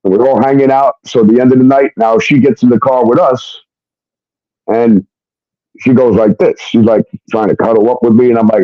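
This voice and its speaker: A man's voice: medium pitch, fairly even intonation, brisk, no room sound. A man telling a personal story in a casual, rambling way, blunt and full of fillers and swearing. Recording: muffled dry recording.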